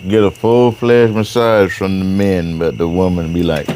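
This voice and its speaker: A man's voice: low-pitched, steady tone, moderate pace, noisy background. A man co-hosting a casual podcast chat with his wife. He mostly adds short, laid-back interjections. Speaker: podcast co-host, husband.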